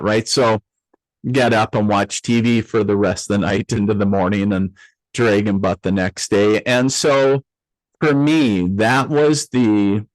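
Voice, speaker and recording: A man being interviewed, telling a personal story in a loose, animated way with many fillers and restarts, acting out the voices he quotes. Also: on the low side, a little slow, no room sound, poor audio. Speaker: interview guest, medium.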